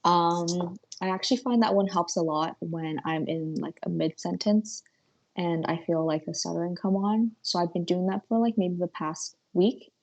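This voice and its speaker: A woman's voice: fairly low pitch, steady tone, normal speed, darkish tone. A woman in her late twenties from Canada, a nurse, answering her coach in a hesitant way with many fillers. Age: late 20s. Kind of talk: conversational answer.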